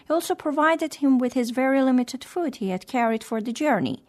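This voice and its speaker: A woman hosting and reading a moral story aloud in a gentle, measured way. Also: high voice. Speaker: storyteller and host. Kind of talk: scripted story narration.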